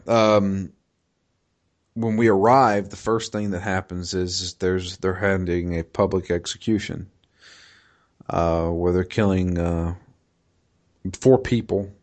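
A man in casual chat, recapping a game in a halting way with many fillers and restarts. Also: deep voice, fairly even intonation. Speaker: podcast co-host recapping a video game.

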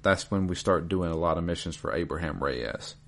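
A man in casual podcast chat, recapping a video game in a relaxed, rambling way with lots of fillers. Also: sits low, brisk, creaky.

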